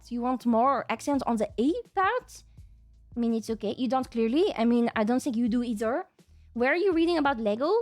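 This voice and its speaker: High, lively woman streamer chatting. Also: no room sound. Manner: excitable, chatty, swears at chat. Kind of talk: casual live-stream chat.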